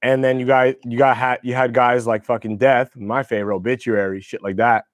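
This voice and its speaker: A man's voice: medium pitch, little pitch movement, a little fast, no echo, clean studio sound. A young man hosting a livestream, telling rambling, profane stories about guitars in casual chat. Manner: loose, profane, rambling storytelling. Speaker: livestream host.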